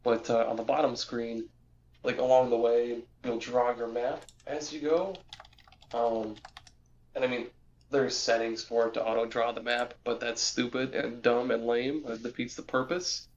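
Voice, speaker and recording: A young man chats in a loose, rambling way, stopping and restarting his thoughts often. His delivery stays flat and even, with little rise or fall. The recording sounds dull and lo-fi. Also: medium pitch, unhurried. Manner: rambling, many restarts and fillers. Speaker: podcast co-host. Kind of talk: casual chat.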